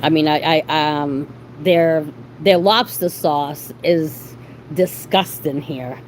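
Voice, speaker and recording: A woman's voice: deep voice, takes it slowly, slight background noise, poor audio. Chatty Boston woman on a livestream. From Boston, Massachusetts. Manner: rambling, animated storytelling with frequent restarts. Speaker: livestream host. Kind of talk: casual livestream chat.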